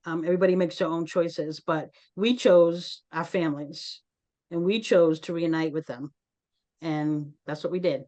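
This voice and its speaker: A woman with a slightly low voice leads an online community meeting in an earnest, conversational way. She speaks over a video call and turns to participants by name. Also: fairly even intonation, normal speed, dark tone. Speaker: host.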